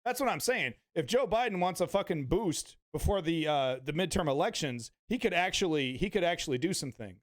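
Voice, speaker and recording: A man's voice: on the high side, expressive, a little fast, few pauses. A man hosting a live political stream, ranting angrily with heavy swearing and repeated phrases. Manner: angry, profane, repetitive.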